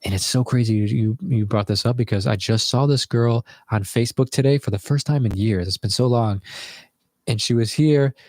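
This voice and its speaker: A man's voice: mid-range voice, normal speed, a little mellow, no room sound, studio quality. A young man telling a rambling, casual story to viewers from his bedroom, swearing freely as he goes. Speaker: vlogger.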